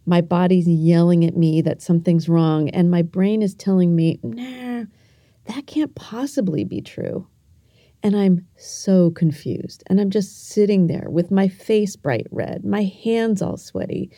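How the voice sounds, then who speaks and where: A middle-aged woman tells a story and teaches kids on her podcast in an earnest, gentle way. Her voice is very dark and mellow, with a middle pitch. The recording is dry and close, with no room sound. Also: dry recording. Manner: earnest, gentle, talks straight to the listener. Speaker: podcast host.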